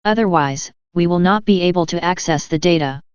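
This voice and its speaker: A woman voicing a determined young woman infiltrator who speaks in a calm, focused, quietly confident way. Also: fairly low pitch, brisk, clean tone, dry recording, natural voice. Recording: dull lo-fi sound.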